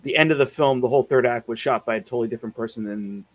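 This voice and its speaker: A man's voice: medium pitch, very fast. A man hosting a casual film review podcast, rambling with many fillers and restarts. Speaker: podcast host.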